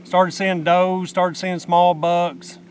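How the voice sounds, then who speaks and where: Middle-aged man, hunting vlog, plain-spoken storyteller, slightly high voice, faint background noise. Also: little pitch movement, takes it slowly. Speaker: hunter. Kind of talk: outdoor hunting vlog talk. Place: outdoors in the woods.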